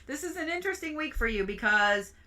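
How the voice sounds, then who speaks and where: A woman's voice: high-pitched, expressive, brisk, pushed and bright. A woman giving casual zodiac card readings on a livestream, chatty and playful, swearing and giggling as she goes. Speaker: reiki practitioner and tarot reader.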